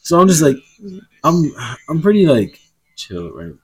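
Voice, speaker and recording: A man's voice: on the high side, big pitch swings, a little slow, a little mellow, husky. A young man co-hosting a podcast, chatting casually and telling rambling, laid-back stories. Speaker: podcast co-host. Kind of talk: casual chat.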